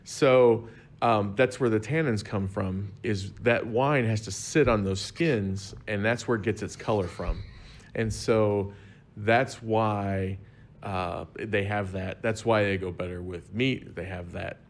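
A man's voice: lowish voice, slow, slight background noise. A man explaining wine pairing in a casual chat, easygoing and plain-spoken. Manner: easygoing, explains with everyday examples. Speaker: wine expert guest.

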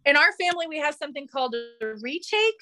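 Higher-voiced woman hosting a chat. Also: animated, quick pace, pushed and bright, faint music behind. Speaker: podcast host and parent. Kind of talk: casual conversational interview.

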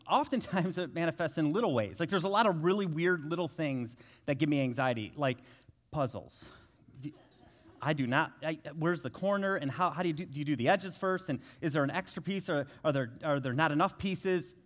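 A man in his thirties preaching a conversational sermon as a guest, telling self-deprecating jokes and family stories. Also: a little high. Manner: joking, self-deprecating storyteller.

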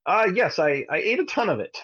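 A man in his thirties co-hosting a podcast, telling a family story in a casual, animated way, sometimes jumping high to imitate his child. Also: a little fast, husky, muffled recording. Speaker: podcast co-host.

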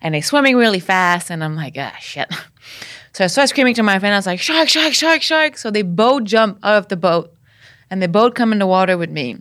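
Lively woman telling a diving story. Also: mid-range voice, brisk. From Canada. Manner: lively storyteller, laughs often, acts out quotes. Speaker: podcast guest. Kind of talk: casual storytelling.

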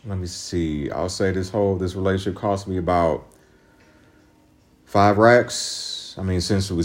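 A man's voice: fairly low pitch, normal speed. A man hosting a podcast alone, venting in a profane, rambling, agitated monologue about a breakup. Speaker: podcast host.

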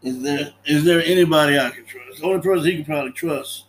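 A man's voice: on the high side, quick pace, rough recording. A man casually recapping a movie's story, loose and chatty, often acting out the characters' lines and laughing. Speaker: podcast host recapping a film. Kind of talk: casual film recap chat.

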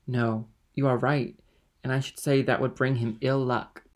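A man voicing a scheming, envious ship's officer, smooth and calculating in manner. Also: medium pitch, little pitch movement, unhurried, natural voice. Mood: sly.

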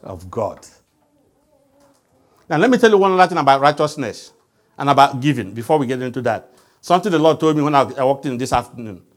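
A man's voice: medium pitch, lively intonation, a little fast, pauses often. A man preaching a sermon, emphatic and quizzing the congregation with call-and-response questions.

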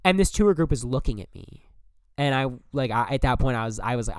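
A young man hosting a podcast, telling a story in an animated, exasperated way and swearing often. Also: medium pitch, a little fast, clear, resonant tone, no echo, studio quality. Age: young adult. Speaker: podcast host. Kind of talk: casual storytelling monologue.

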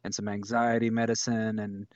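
A man quoting a reticent young woman in a flat, matter-of-fact voice, close to his own. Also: fairly low pitch, normal speed, no echo, natural voice.

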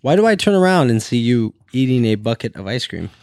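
A man's voice: mid-range voice, very animated, brisk, darkish tone, dry recording, studio quality. A man co-hosting a casual podcast, joking around and swearing freely. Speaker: podcast co-host. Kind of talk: casual chat.

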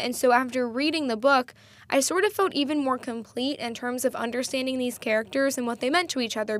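A woman's voice: on the high side, no echo. A young woman hosting a solo podcast, chatting enthusiastically and laughing at herself now and then. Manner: chatty, enthusiastic, self-deprecating, laughs often. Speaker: podcast host.

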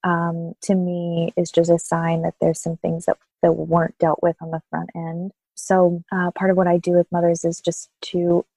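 A woman postpartum doula speaking thoughtfully and gently in an interview, with soft laughs. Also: on the low side, completely flat delivery, moderate pace, creaky, hardly any pauses, dry recording, rough recording. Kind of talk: interview conversation.

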